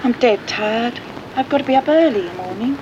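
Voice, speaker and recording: A woman acting as a curt, dismissive model in a 1970s film. The soundtrack is dull and carries clear hiss. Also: fairly high pitch, animated, brisk, close to an everyday voice. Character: tired, choosy female model.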